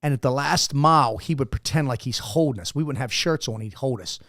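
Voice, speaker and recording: A man's voice: medium pitch, a little fast, fairly bright tone, no echo, clean studio sound. A man in his fifties, a former Navy SEAL guest, telling rambling, profane stories in a casual interview.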